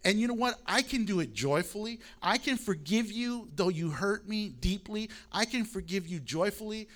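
A male pastor preaching a sermon, reading scripture aloud and moving between loud emphasis and quiet asides. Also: high voice, expressive, normal speed.

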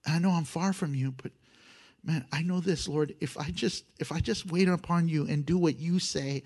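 A man preaching a sermon, animated, swinging from loud emphasis to hushed, intimate asides and acting out prayers with humor. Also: a little high, moderate pace. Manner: acts out prayers and voices with humor. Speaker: pastor.

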